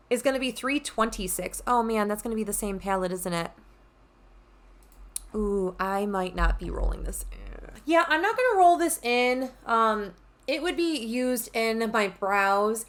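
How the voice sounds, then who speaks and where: A woman's voice: on the high side, a bit bright. A young adult woman chatting casually in a makeup vlog, bubbly and gushing. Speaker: beauty vlogger.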